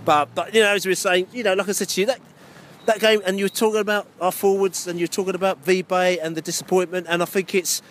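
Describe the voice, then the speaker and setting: A man's voice: sits high, steady tone, fast talker, fairly bright tone. A man hosting a football podcast in a car park, chatting casually and rambling through restarts as he thinks aloud. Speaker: podcast host. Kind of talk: casual post-match chat. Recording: faint outdoor traffic noise.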